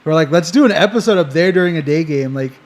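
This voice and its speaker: A man with a slightly high voice, talking sports in a loose podcast chat. He jokes easily and lets his sentences trail off. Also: lively intonation, fast talker. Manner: easygoing, joking, trails off mid-sentence. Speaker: podcast co-host.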